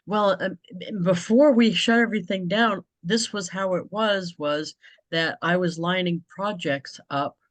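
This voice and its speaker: A woman from New England hosts a relaxed chat over a video call. Her voice sits a bit low and sounds close and dry. She talks freely and laughs often. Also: unhurried, no room sound. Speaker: host. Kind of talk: casual chat.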